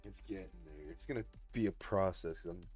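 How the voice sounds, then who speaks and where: A young male streamer with a very low voice rambles casually through a storyboard, padding every phrase with "like" and swearing freely. Soft music plays faintly underneath him. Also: fairly quick, breathy edge. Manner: rambling, heavy "like" filler, cursing. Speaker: artist streamer. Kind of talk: casual story pitch on a livestream.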